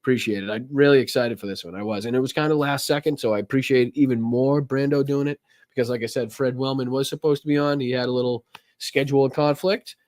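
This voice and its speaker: A mid-range male voice, fast and darkish with fairly even intonation, comes through clean studio audio with no echo. He's a Boston-accented Massachusetts man running a live politics stream, rambling casually and often swearing and laughing.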